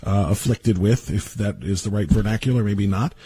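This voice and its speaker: Husky-voiced male radio host. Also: on the low side, moderate pace, warm tone, no room sound. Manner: reads quotes aloud with feeling, probing questions. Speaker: radio talk show host. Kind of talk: radio interview.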